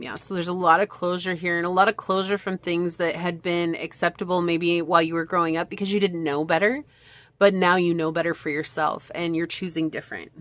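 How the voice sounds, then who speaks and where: Low-voiced woman giving a casual tarot reading. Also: fairly even intonation, brisk, a bit bright. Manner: chatty, reflective, many fillers and asides. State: hiccuping. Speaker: tarot reader.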